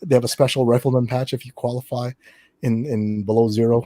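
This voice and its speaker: A man's voice: medium pitch, fairly even intonation, dark tone, no room sound. A man from Canada, a guest instructor, chatting casually on a podcast and restarting his sentences. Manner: fast, repeats words while restarting sentences.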